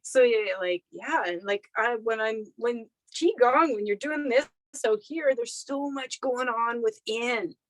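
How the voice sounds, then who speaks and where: A woman's voice: fairly high pitch, measured pace, hardly any pauses, poor audio. A woman guest chatting casually in a podcast conversation, laughing often and acting out her own thoughts.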